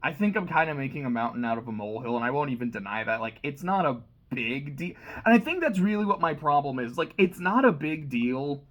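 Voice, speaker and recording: A young man chatting casually about a book, retelling scenes in a loose, animated way with plenty of swearing and fillers. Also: on the high side, brisk, hardly any pauses. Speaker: book reviewer. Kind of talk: casual chat.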